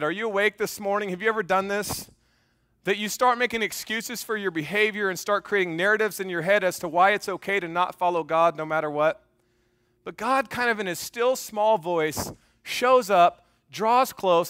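A male pastor preaching with lively energy, reading verses aloud and teasing his congregation. His voice sits high for a man. The sound is dry and close, with little room echo. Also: brisk. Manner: animated preaching, reads scripture aloud, jokes with congregation. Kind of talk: sermon. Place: church.

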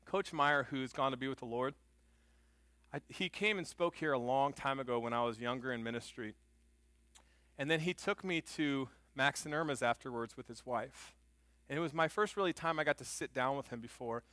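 A middle-aged man preaching a sermon, telling stories with animated emphasis and turning soft and hushed when he prays. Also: medium pitch, normal speed, no room sound. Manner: animated storytelling, rising loud on emphasis. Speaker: pastor.

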